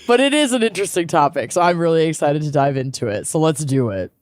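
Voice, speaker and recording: A low-voiced woman in her thirties who chats on a podcast with lots of swing in her pitch. She talks in giggly, chatty bursts and trails off and restarts. Her voice is close and dry, with no room around it. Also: expressive, fast, a little mellow, no echo. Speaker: podcast co-host. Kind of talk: casual chat.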